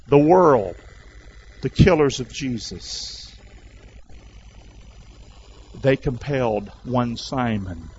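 A male pastor preaching a sermon, calling out to the congregation and rising to shouts. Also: medium pitch, dull audio, slight background noise. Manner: loud call-and-response preaching, rising to shouts.

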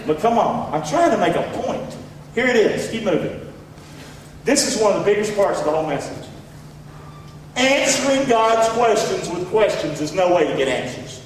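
Folksy Southern preacher in an echoey hall. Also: male voice, big pitch swings, moderate pace, distant mic, slight background noise. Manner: folksy, swings from loud shouts to low asides. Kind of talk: sermon.

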